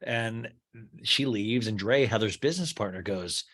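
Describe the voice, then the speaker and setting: A man hosting a podcast in a casual recap, talking with a voice worn from hours of chatting. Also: normal speed. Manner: animated, jumps into high mocking voices for quotes. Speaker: podcast host. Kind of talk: casual recap with acted quotes.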